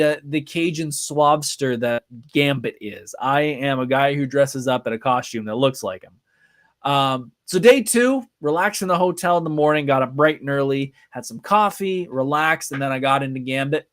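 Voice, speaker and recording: A man's voice: on the high side, normal speed, dry recording, studio quality. Chatty man hosting a podcast. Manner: chatty, rambling storytelling with frequent fillers. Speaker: podcast host. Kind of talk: casual live podcast monologue. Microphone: podcast mic.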